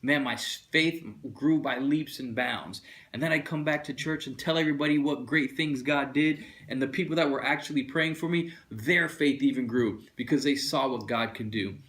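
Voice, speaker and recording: A man preaching a funny, conversational sermon. He is an animated storyteller who slips into other people's voices as he tells the story. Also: mid-range voice, moderate pace, few pauses. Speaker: pastor. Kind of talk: funny sermon with acted bits.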